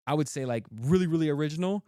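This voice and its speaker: A man's voice: on the high side, animated, warm tone, smooth, dry recording, clean studio sound. A man, a content creator guest, talking earnestly in a casual interview with many restarts. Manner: quick, earnest, full of restarts.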